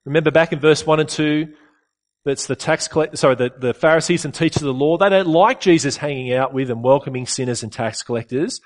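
A man's voice: on the high side, fairly quick. A man preaching a sermon in an earnest, conversational way with rhetorical questions.

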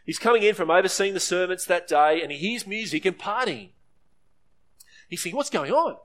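A pastor preaches a sermon earnestly, briefly acting out the story's quoted voices by raising his pitch. His voice is brisk and a bit bright.

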